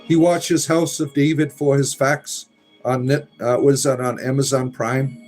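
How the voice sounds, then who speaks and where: A man with a mid-range voice hosts a relaxed live stream, reading out comments and tossing off dry, wry asides. He drifts into low mutters between messages. Faint music plays in the background. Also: measured pace. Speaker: livestream host reading chat. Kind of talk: casual live-stream chat.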